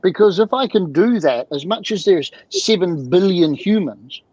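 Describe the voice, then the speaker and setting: A fairly high-voiced man talks as a guest mentor, animated and driving his points home with repeated rhetorical questions. The sound is dull and lo-fi, with a dry, close feel and no room around it. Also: normal speed, breathy edge, no echo. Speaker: guest, emotional communication mentor. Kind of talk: video-call interview talk.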